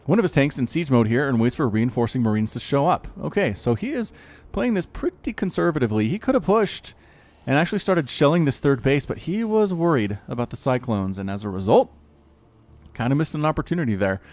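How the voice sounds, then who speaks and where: A man hosting and shoutcasting a strategy video game match, chatty and excitable with frequent laughing asides. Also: mid-range voice, a little fast. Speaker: esports shoutcaster and channel host. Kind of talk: live game commentary.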